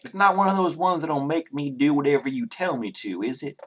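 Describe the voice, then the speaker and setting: A man's voice: a little high, expressive, a little fast, a bit bright, slight background noise, voice pushed up. A man from the Southern US voicing a polite, fussy Southern town official in a tabletop game, with a put-on Southern drawl. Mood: courteous drawl.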